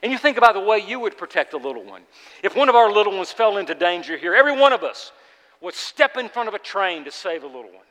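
A man preaching a sermon to his congregation, earnest and urgent, swinging between loud emphasis and hushed tenderness. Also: sits high, sing-song, quick pace, big-room sound, low-quality recording. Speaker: pastor. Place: church sanctuary.

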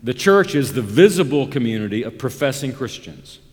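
A man preaching from the pulpit in a deliberate, emphatic cadence, his pitch swinging widely as he presses his points. His voice carries with a long reverb, as in a large church sanctuary. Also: big pitch swings, a little mellow. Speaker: pastor. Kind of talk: sermon.

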